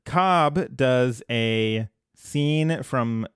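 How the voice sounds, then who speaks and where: A man's voice: medium pitch, drawn-out words, smooth, no room sound, clean studio sound. A man co-hosting a casual podcast chat about a cartoon, wry and joking. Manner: wry, joking, breaks into playful singing. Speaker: podcast co-host.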